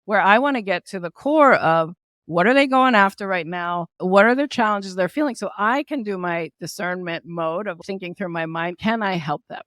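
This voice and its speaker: A woman guest on a podcast, talking in an upbeat, energetic way with lots of asides like "right?" and "like". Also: mid-range voice, moderate pace, no room sound, studio quality. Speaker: guest entrepreneur. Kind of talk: casual podcast interview.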